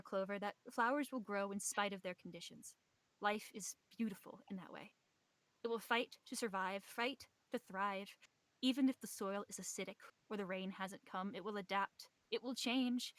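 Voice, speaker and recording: A woman's voice: medium pitch, no echo, natural voice. Brief: a woman reading the part of a kindly, rambling old temple mentor, plain voice, dry close sound. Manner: reads in plain own voice, warm and wistful. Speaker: game master reading a letter. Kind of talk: narrating a tabletop game.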